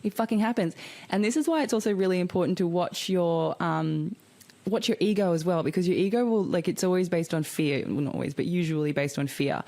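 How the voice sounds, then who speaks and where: Low-voiced woman chatting candidly. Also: fairly quick, darkish tone. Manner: chatty and candid, swearing freely, many fillers. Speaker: podcast host. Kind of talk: casual spiritual podcast monologue.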